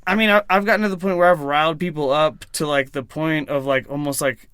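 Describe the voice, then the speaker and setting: A man's voice: a little high, steady tone, a little fast, fairly bright tone, clear, resonant tone, dry recording, clean studio sound. A man who works as a DJ, talking as a podcast guest in a rambling, profane way with lots of fillers. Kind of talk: casual chat.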